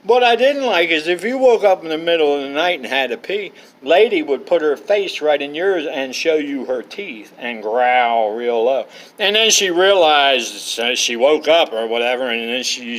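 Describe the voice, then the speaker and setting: A man's voice: medium pitch, fairly bright tone, low-quality recording. Rambling middle-aged man telling stories. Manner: meandering and colloquial, with frequent uhs and asides. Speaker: vlogger. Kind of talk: rambling personal storytelling. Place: outdoors at a campsite.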